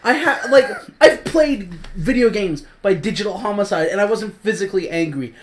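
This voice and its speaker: A woman hosting a casual review chat, swearing often and exasperated, breaking into loud shouts. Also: mid-range voice, animated, moderate pace, slight background noise. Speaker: host.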